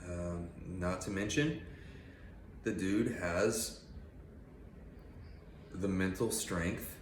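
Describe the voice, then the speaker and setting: Deep-voiced man ranting bluntly. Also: drawn-out words, roomy sound, a little hiss or hum. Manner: profane, blunt, fired up. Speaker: vlogger. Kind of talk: casual motivational rant.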